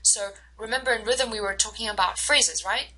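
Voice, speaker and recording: A woman instructor giving a recorded lecture, explaining slowly with many fillers and acting out short example dialogues. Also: mid-range voice, sharp tone, poor audio.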